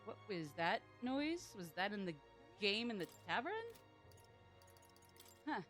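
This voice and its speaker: A woman's voice: mid-range voice, expressive, a little slow, fairly bright tone, faint music behind. A woman streaming a game, chatting in a rambling, jokey way full of fillers. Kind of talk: livestream gaming commentary.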